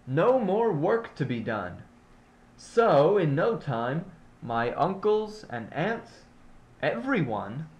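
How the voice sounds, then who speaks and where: A man reading a rhyming children's storybook aloud in an expressive read-aloud manner. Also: on the high side, lo-fi sound.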